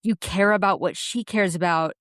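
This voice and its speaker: A woman's voice: lowish voice, moderate pace, fairly bright tone, no room sound, clean studio sound. A woman co-hosting a podcast, talking enthusiastically and earnestly about a film she loves, often restarting her sentences. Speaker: podcast co-host. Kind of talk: casual film discussion.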